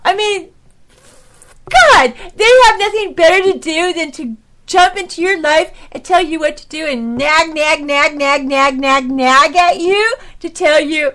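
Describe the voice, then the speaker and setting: A high-pitched middle-aged woman hosts her own podcast alone, talking straight to the listener. She rambles and gets emotional, raising her voice like a preacher as she rants, then laughs at herself. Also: a little slow. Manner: animated, preachy ranting. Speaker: podcast host. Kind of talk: casual monologue.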